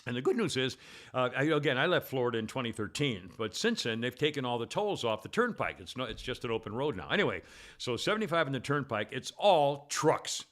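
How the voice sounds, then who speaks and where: A podcast host tells a long story in casual conversation, full of restarts and false starts, and grows loud as he gets worked up. His voice is medium-pitched, very animated, and fairly quick.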